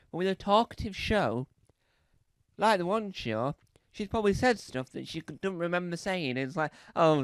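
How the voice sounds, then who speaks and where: A man's voice: sits high, fairly bright tone, no room sound, clean studio sound. Man rambling through comedy bits. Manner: hesitant, full of restarts and asides. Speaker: stand-up comedian.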